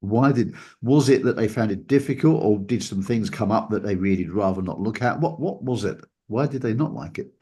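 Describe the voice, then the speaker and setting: Husky low-voiced male coach. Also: brisk, hardly any pauses, dark tone. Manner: reflective, repeats words. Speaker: hypnotherapy and mindfulness coach. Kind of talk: casual conversation.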